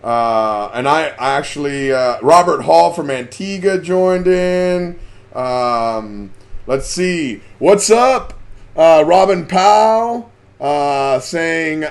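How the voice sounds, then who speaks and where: A man's voice: fairly high pitch, expressive, slow pace. A man hosting a casual live stream about fishing, chatting and reading out the names of viewers as they join.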